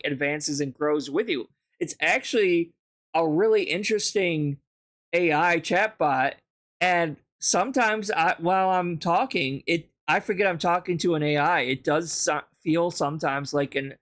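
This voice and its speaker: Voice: mid-range voice, a bit bright. A podcast host in casual chat over a voice call, talking loosely with many fillers and frequent laughs.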